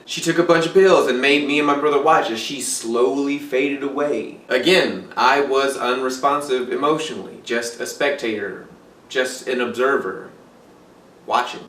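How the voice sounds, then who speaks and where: A man's voice: mid-range voice, a bit bright, recorded from a distance. A man from Texas giving a blunt, profane, darkly joking confessional monologue to the camera. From Texas, USA. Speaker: vlogger. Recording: roomy echo, away from mic.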